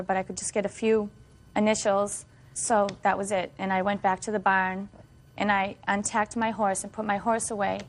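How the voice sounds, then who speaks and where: A middle-aged woman defendant giving a long, detailed account in court. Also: medium pitch. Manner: long, detailed storytelling with fillers. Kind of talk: courtroom testimony.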